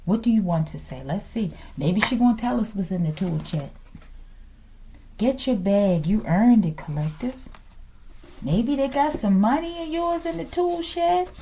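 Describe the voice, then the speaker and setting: Animated woman reading tarot cards. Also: a little high, measured pace. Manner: animated, calls out "collective" and "okay?" often. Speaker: tarot reader. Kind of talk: casual tarot reading to viewers.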